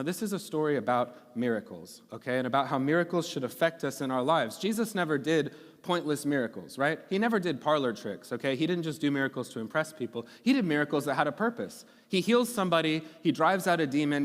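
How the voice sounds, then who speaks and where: A man's voice: fairly high pitch, long reverb tail. A man preaching a sermon in a conversational, teaching way, often checking in with the congregation. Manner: conversational teaching with frequent okay and right checks. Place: church sanctuary.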